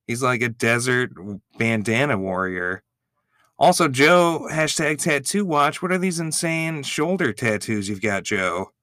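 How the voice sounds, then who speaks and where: A man giving excitable, gushing reaction commentary, swearing freely as he reacts. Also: medium pitch, clear, resonant tone, dry recording, clean studio sound.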